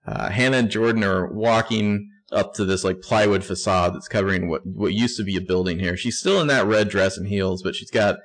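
Low-voiced man recapping a TV scene. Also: a little fast, hardly any pauses. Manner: narrates scenes with wry asides and laughs. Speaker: podcast co-host. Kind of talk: casual TV recap chat.

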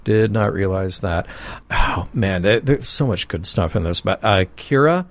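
A man's voice: low-pitched, lively intonation, measured pace, fairly bright tone. A man co-hosting a podcast, chatting casually and emphatically with frequent exclamations. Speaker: podcast co-host. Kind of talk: casual chat.

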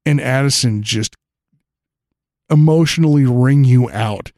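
A man's voice: medium pitch, measured pace, darkish tone, no room sound. A man, the show's creator and former host, chatting enthusiastically in a casual studio conversation. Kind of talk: casual chat. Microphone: studio mic.

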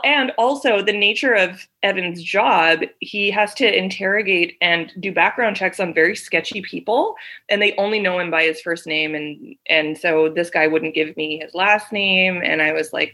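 Woman, bright tone, animated storytelling, swears a lot. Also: medium pitch, moderate pace. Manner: animated, swears freely, acts out dialogue. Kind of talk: casual chat, storytelling.

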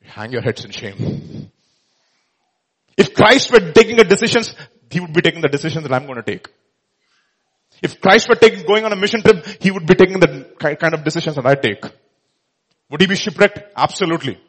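Husky-voiced preacher. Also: male voice, fairly high pitch, lively intonation, fast, a bit bright. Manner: emphatic, rhetorical questions, acts out quoted speech. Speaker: pastor. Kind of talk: sermon.

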